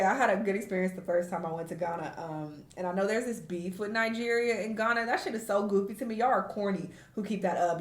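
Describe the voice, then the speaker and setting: Woman vlogging to camera, blunt and candid, mid voice, echoey apartment room. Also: medium pitch. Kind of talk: casual talking-to-camera vlog. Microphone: camera in front of her.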